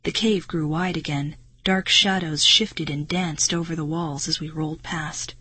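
A woman's voice: low-pitched, steady tone, unhurried, sharp tone, breathy edge. A woman narrating a first-person children's adventure story in a suspenseful, dramatic reading voice. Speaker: audiobook narrator.

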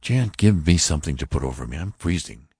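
A man's voice: lowish voice, expressive, fairly quick, creaky, a little mellow, slightly rough, no echo, studio quality, voice pushed up, heavily acted. A man voicing a shivering, anxious young woman in an audiobook, pleading in a raised, trembling voice.

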